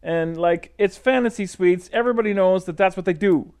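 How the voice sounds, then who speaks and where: A man's voice: high voice, a little fast, a little mellow, clean tone. A man co-hosting a podcast in casual chat, sarcastic and dry, swearing freely. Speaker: podcast co-host. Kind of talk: casual chat recapping a TV show.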